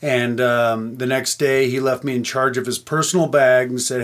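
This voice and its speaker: A man co-hosting a podcast, telling relaxed, joking stories in casual chat. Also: mid-range voice, normal speed. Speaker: podcast co-host.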